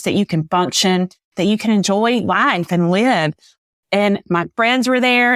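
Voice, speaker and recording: A woman's voice: on the low side, no room sound, studio quality. A woman, a podcast guest giving an earnest, faith-filled personal testimony, a little teary. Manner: earnest, faith-filled storytelling, says "y'all".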